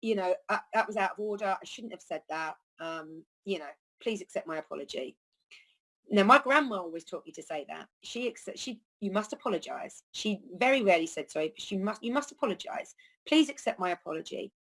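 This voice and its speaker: Woman, wellness host, earnest, rambling, reflective monologue, middle pitch. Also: expressive, brisk, poor audio. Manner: earnest, rambling, with many "you know" fillers. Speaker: holistic healer and podcast host.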